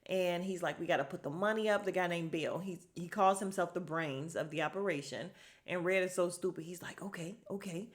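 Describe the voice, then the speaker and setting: A woman hosting a podcast, casually recapping a TV episode, animated and laughing as she acts out the characters' lines. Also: fairly low pitch, a little fast.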